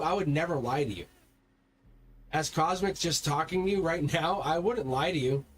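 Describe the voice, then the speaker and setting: A man giving a live-stream tarot reading, speaking straight to viewers in a rambling, repetitive way and swearing when he gets heated. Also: on the high side. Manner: rambling, repeats words and restarts. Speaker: tarot reader.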